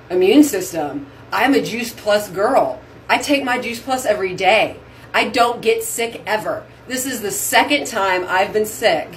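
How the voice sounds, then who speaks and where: Woman vlog host, chatty and effusive, everyday mid pitch, faint hiss behind. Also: poor audio. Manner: chatty and effusive, says "y'all". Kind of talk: casual chat to camera. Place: at a bathroom sink at home.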